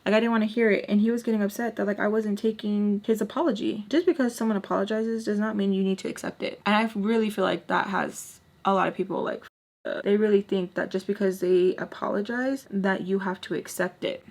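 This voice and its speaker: A young woman vlogger telling a long story in a casual, animated way, talking straight to her viewers, with frequent "like"s and blunt swearing. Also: mid-range voice, a little fast. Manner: animated, chatty, swears, addresses viewers as y'all.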